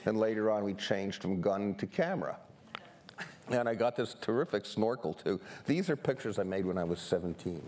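An older man from New York City, telling stories on stage as a guest photographer, animated and self-deprecating, often restarting his sentences. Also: lowish voice, moderate pace. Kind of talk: humorous stage conversation. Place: seminar stage before an audience.

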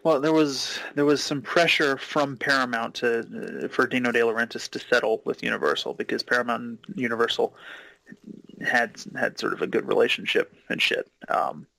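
A man's voice: mid-range voice, fairly even intonation, normal speed, gravelly, sharp tone, no room sound, poor audio. A man co-hosting a casual movie commentary, rambling with lots of fillers and casual swearing. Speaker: commentary co-host.

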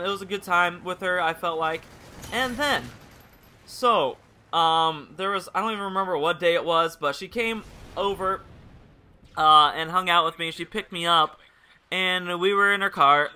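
A man's voice: on the high side, normal speed, pushed and bright, clear, resonant tone. A young man casually telling a rambling personal story over gameplay commentary, candid and swearing freely. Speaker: gaming channel host.

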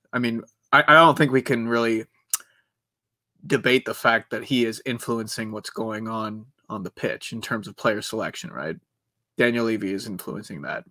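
A man co-hosting a podcast in casual chat, talking in an animated, joking way. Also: medium pitch, dry recording, studio quality. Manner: animated, joking, quick to laugh. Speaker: podcast co-host.

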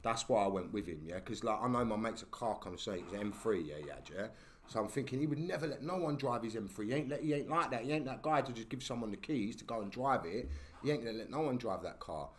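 A man with a London accent tells a story as a podcast guest, speaking fast and expressively in a lowish voice. His talk is slangy and casual, and he keeps tagging lines with "yeah?".

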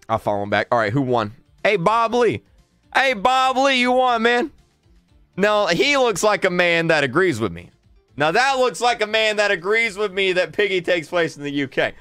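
Exasperated male streamer, smooth and dry. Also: on the high side, fairly bright tone, dry recording. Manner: exasperated, repeats himself, stammers and laughs. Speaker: livestreamer. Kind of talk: livestream chat commentary.

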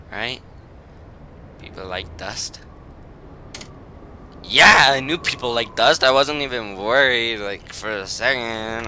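Excitable young man gaming, gunfire behind. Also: mid-range voice, takes it slowly, pauses often. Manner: excitable, jokey, frequent yelps and laughs. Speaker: gaming YouTuber. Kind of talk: casual gameplay commentary. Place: indoors at his computer, home. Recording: game gunfire noise behind voice.

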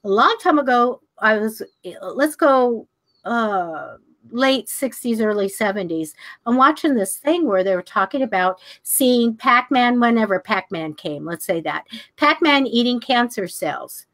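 An older woman co-hosting a psychic talk show, telling stories in a casual, animated way, acting out the voices of people in them and laughing often. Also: fairly high pitch, unhurried. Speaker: psychic radio show co-host. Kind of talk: casual storytelling chat.

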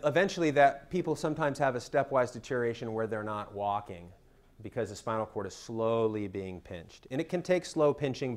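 Man explaining spine health to patients. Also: mid-range voice. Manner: explanatory, checks in with "okay?". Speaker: spine surgeon. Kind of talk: educational talk for patients.

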